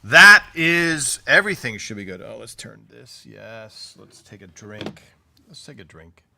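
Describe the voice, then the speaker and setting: A man's voice: mid-range voice, big pitch swings, a little slow, creaky, pushed and bright, a little hiss or hum. An American man hosting a live stream, chatting casually and reading out viewer comments, often correcting himself. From United States. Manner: chatty, reads comments aloud, self-corrects.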